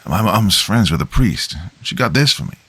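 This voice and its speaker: A man's voice: lowish voice, sing-song, normal speed, pushed and bright, husky, no echo, exaggerated voice. A man voicing a big, clumsy teenage boy who talks in an offhand, casual way.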